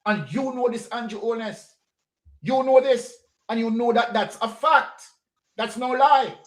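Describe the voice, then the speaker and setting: A man's voice: very high-pitched, measured pace. A man with a Jamaican accent giving a combative political commentary, directly accusing the person he talks about. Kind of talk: monologue commentary.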